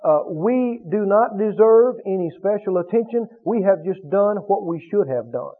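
Animated preacher, tinny recording. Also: male voice, high-pitched, normal speed. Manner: animated, questioning the congregation, acting out quotes. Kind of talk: sermon.

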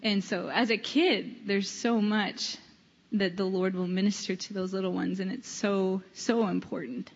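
A woman's voice: mid-range voice, steady tone, measured pace, gravelly, slightly rough. Earnest woman minister testifying, heard through long hall reverb. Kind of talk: personal testimony. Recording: dull recording in a reverberant hall.

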